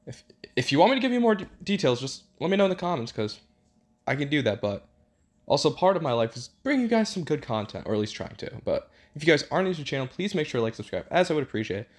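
A man's voice: a little high, very animated, fast talker. A young man giving casual commentary over his own gameplay, hyping up his players and trash-talking the other side, recorded at home with noise. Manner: hyped trash talk at the game. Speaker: gaming YouTuber.

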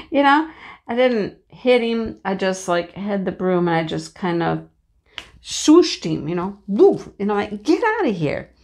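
A woman vlogging from her home office in a casual, chatty storytelling way, animated and acting out the voices in her story. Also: medium pitch, takes it slowly, pauses often. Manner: animated, acts out voices in anecdotes, laughs often. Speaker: crafting vlogger.

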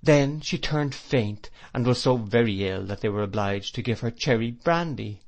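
An adult man narrating a classic novel as an audiobook, measured and expressive. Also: mid-range voice.

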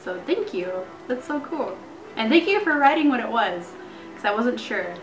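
A young woman vlogger chatting casually as she unboxes beauty gifts, gushing and excited. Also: on the high side, normal speed. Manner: bubbly, gushing, lots of "like" and "so cool". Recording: echoey room with faint music.

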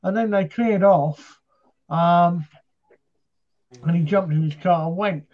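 A man's voice: high-pitched, slow, muffled recording. A man from Britain hosting a paranormal chat show, telling stories in a rambling, casual way with lots of fillers.

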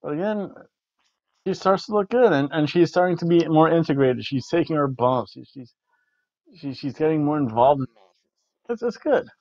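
A man's voice: a little high, animated, moderate pace, long pauses, darkish tone, no room sound. A man casually reviewing a wrestling event, rambling and repeating words as he rates matches with food jokes. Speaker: podcast co-host reviewing wrestling. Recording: dull lo-fi dry recording.

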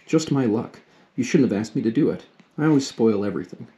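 A man's voice: medium pitch, animated, fast talker, warm tone, lightly acted. A man voicing Jo, a clumsy, tomboyish teenage girl who talks in a rush, in a storybook read-aloud. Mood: remorseful.

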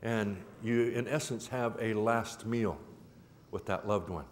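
A man giving a public talk in a folksy, gently humorous way, with a rhythmic, repetitive storytelling cadence. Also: fairly low pitch, takes it slowly. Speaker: symposium speaker. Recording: reverberant hall with faint background noise.

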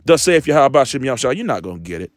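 A man preaching an informal, rambling sermon, swearing often, tacking "man" onto his lines and slowing right down to read scripture aloud. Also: medium pitch, very animated, no room sound, faint music behind. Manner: rambling, profane, confrontational, repeats "man"; reads scripture slowly and deliberately. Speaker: street preacher.

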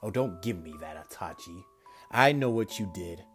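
Man voicing young ninja hero, cocky, low voice, slow, faint music behind. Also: expressive.

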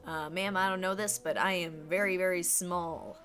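A woman's voice: lowish voice, fairly even intonation, normal speed, fairly bright tone, faint music behind, lightly acted. A woman voicing a modest male plumber hero with a put-on Southern US accent, hesitant and humble as she reads game dialogue aloud.

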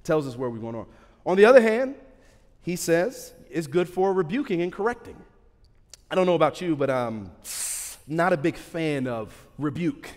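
A man preaching a sermon to his church in a lively, joking, conversational way. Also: fairly high pitch, normal speed. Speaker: pastor. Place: large church hall. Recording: hall reverb.

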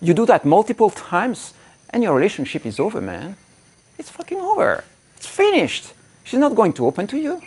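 A man's voice: high-pitched, huge pitch swings, normal speed, a little mellow, slightly rough. A man giving blunt relationship coaching straight to camera, cursing and speaking with strong emphasis. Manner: blunt, emphatic, swears freely, acts out angry quotes. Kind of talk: direct-to-camera coaching talk.

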